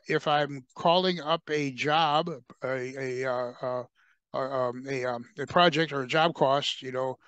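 A man presenting a software demo in a webcast, talking through his screen with frequent fillers and restarts. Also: fairly high pitch, clean tone, no echo. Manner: halting, many fillers and restarts.

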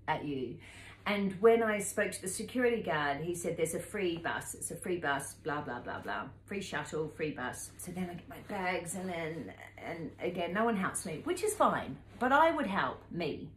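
A woman in her fifties with a lowish voice talks straight to camera, recounting a journey with lively, laughing energy and quick impressions of the people she met. Her voice rings off the walls of an echoey room, with a faint hum of background noise beneath it. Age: 50s. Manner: animated, laughing, acts out voices in her stories. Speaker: travel vlogger. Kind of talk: casual storytelling to camera.

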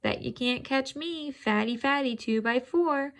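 A woman's voice: unhurried, gravelly. Woman voicing a shrieking young tomcat. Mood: teasing. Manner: high squealing cries. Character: young male cat, cocky then panicked.

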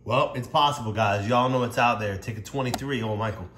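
A man's voice: medium pitch, a little fast, fairly bright tone. A man vlogging as he scratches lottery tickets, exclaiming to his viewers, tearful and overwhelmed, rambling as he talks. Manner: exclaiming, emotional, rambling, addressing viewers as y'all. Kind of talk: excited casual commentary. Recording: echoey room with background noise.

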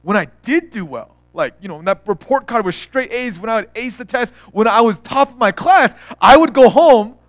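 High-voiced young pastor telling stories. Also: male voice, animated, normal speed, hardly any pauses, dry recording. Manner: casual, storytelling with acted quotes and many restarts. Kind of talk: sermon.

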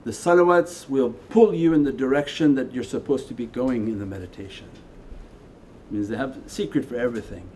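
A man teaching as a Sufi teacher in a spiritual lecture, talking conversationally and moving between quiet asides and emphatic lines. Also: mid-range voice, brisk. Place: meditation center hall.

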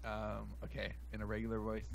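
A man co-hosts a podcast in an easygoing, playful way, teasing and musing out loud. His voice sits somewhat low. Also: monotone, brisk, vocal fry. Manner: laid-back, playful. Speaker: podcast co-host. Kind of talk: casual podcast chat.

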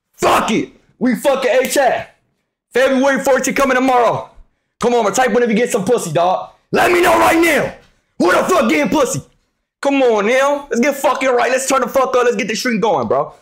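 Loud, profane young man streaming. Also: extremely high pitch. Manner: loud, profane, trash-talking, often shouting. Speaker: live streamer. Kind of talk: hyped live-stream chat with viewers.

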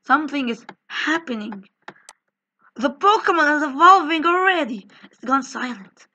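A woman's voice: high-pitched, expressive, moderate pace, pushed and bright, dull audio. A woman hosting a casual multiplayer game video, joking and laughing as she plays and talks to viewers. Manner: giggly, jokey, talks to viewers. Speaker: gaming channel host. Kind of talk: casual let's-play chat.

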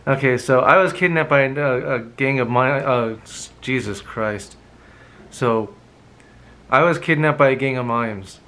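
A man's voice: medium pitch, moderate pace, sharp tone. A man chatting casually in a morning vlog, rambling with lots of ums and reading dad jokes aloud. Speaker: vlogger.

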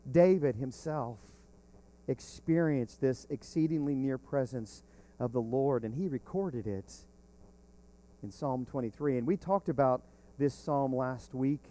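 A man preaching a sermon as pastor, slow and emphatic, swelling on key words. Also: mid-range voice, warm tone.

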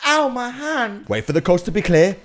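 A young man giving excitable, joking let's play commentary and swearing often. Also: high-pitched, moderate pace. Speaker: gaming YouTuber. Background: game music and sounds.

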